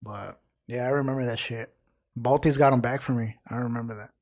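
A man's voice: medium pitch, fairly even intonation, a little fast, a little mellow. A man in his late twenties hosting a podcast, telling a story in casual street slang with lots of swearing. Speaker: podcast host.

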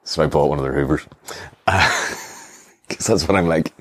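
A man's voice: very deep voice, moderate pace, a bit bright, dry recording. A man hosting a show, rambling through comic, self-mocking stories and acting out the other people in them. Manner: rambling, self-mocking, acts out voices in quotes. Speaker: podcast host. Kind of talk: comic storytelling monologue.

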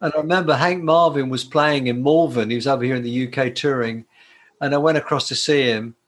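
An older man from the United Kingdom, a guitarist recalling his career in a relaxed interview, talking in a chatty way and often restarting his sentences. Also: medium pitch, a little fast. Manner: warm, chatty, with frequent restarts. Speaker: guitarist and performer, interview guest. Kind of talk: casual anecdotal storytelling.

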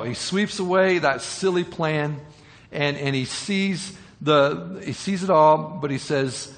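A man's voice: a little high, measured pace, long reverb tail. A man preaching a sermon, retelling a parable with repeated words and rhetorical questions.

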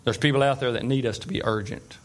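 A man's voice: medium pitch, fast. Man preaching a chatty sermon. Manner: conversational storytelling with fillers and asides; checks in with the listeners. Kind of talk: informal sermon.

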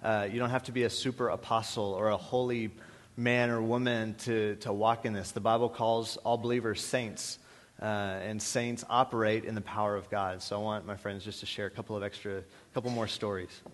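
A man's voice: fairly low pitch, little pitch movement, normal speed. A man giving an earnest testimony sermon to a church gathering, with hesitant fillers between thoughts. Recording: reverberant hall.

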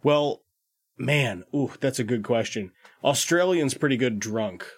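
A man co-hosting a movie podcast in casual chat, joking with quick asides. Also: mid-range voice, lively intonation, husky. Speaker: podcast co-host.

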